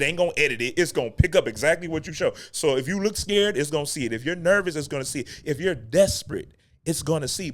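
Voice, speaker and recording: A man hosting a show as an acting coach, teaching in a casual spoken monologue that often repeats key phrases and restarts sentences. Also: on the high side. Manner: laughs between points.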